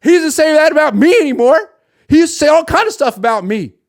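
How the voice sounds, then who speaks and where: A man's voice: very high-pitched, expressive, fast, dry recording, clean studio sound. A man giving a sarcastic sports commentary monologue and acting out imagined dialogue.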